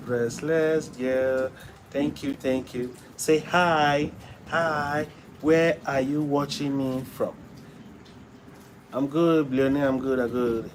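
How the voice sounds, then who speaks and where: A man's voice: mid-range voice, fairly even intonation, takes it slowly, slight background noise, poor audio. A man chatting casually on a live stream, playfully coaxing his son and greeting viewers, often repeating himself.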